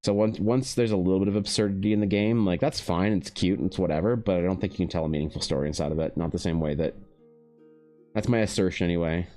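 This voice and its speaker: Low mellow guy rambling n swearing while he paints on stream, faint music behind. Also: quick pace. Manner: rambling and profane, with sudden jumps up in pitch. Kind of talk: casual livestream chat.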